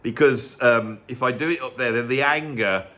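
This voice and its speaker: A man's voice: mid-range voice, normal speed, bright, forceful tone. A middle-aged man with a Birmingham accent, talking straight to camera in a chatty, sarcastic vlog. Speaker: musician and YouTuber.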